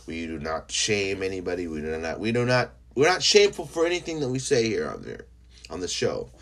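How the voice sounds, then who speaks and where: A young man with a very deep, low voice, hosting his own podcast alone. He is high and rambles loosely, dropping profanity and fillers as he talks. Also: sing-song, brisk. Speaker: podcast host. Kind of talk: casual solo podcast monologue.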